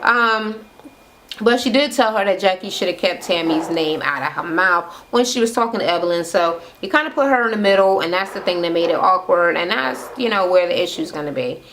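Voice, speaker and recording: A woman's voice: on the low side, animated, a little fast, fairly bright tone, a little hiss or hum. A sassy, blunt woman chats straight to her camera, tossing out slangy, profane comments in a casual recap. She talks indoors under a ring light, close to the camera mic. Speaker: reality TV recap vlogger. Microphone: camera mic at close framing.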